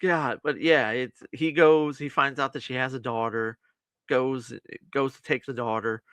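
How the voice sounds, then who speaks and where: Bright-voiced man recapping a movie. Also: medium pitch, moderate pace, smooth, no room sound. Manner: animated retelling, acts out quotes with laughs. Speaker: podcast co-host. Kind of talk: casual movie review chat.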